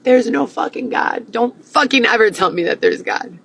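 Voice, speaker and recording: A woman's voice: fairly high pitch, lively intonation, normal speed, vocal fry, fairly bright tone, husky, rough recording. A young woman ranting to camera, agitated and heavy with profanity, repeating herself as she vents. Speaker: vlogger.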